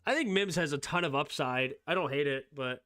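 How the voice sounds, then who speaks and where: Excitable man reacting to sports news. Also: fairly high pitch, smooth. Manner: excitable, quick opinionated reactions. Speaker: streamer host. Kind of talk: casual live sports reaction chat.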